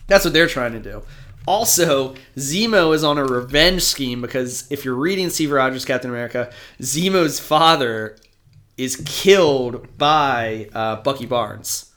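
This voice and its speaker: A man co-hosting a podcast, recapping a comic in casual, animated talk, swearing and acting out the characters in quick voices. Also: medium pitch. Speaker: podcast co-host.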